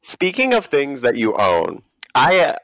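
A man co-hosting a casual podcast chat, laid-back and wry, sometimes dropping into a low mumble. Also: huge pitch swings, measured pace, creaky, fairly bright tone, no room sound. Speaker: podcast co-host.

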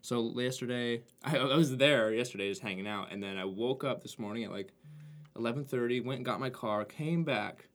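A man's voice: mid-range voice, fairly quick. A young man in casual, crude podcast banter, rambling with lots of fillers and swearing, tired after a long night shift. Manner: rambling, filler-heavy, profane.

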